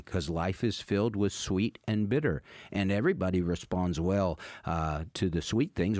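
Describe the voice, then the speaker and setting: Older man, radio sermon, very low voice, dry close sound, emphatic rhetorical questions. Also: darkish tone, no room sound. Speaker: pastor and radio host.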